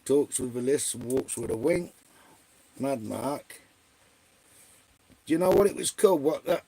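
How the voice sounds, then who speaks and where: A man's voice: fairly high pitch, lively intonation, brisk, dark tone. A man hosting a live stream in casual chat, greeting viewers by name and swearing freely.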